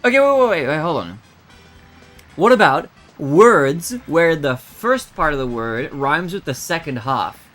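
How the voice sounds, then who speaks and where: Animated streamer thinking aloud. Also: mid-range voice, a little slow, faint music behind. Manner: animated, muttering guesses, frequent laughs. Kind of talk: casual thinking aloud while solving word puzzles.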